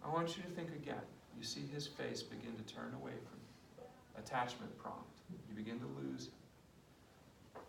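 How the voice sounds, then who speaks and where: A gravelly-voiced man explains couples therapy with passion, acting out sessions as he goes. He is heard from some distance in an echoey room with steady background noise. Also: medium pitch, a little slow. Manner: passionate, demonstrates with role-play. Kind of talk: explaining therapy method in an interview.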